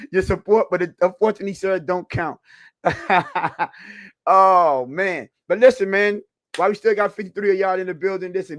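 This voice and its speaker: A live-stream football podcast co-host with a voice on the high side chats loosely with his viewers. He laughs often, rambles, and restarts his thoughts. The recording has no room sound.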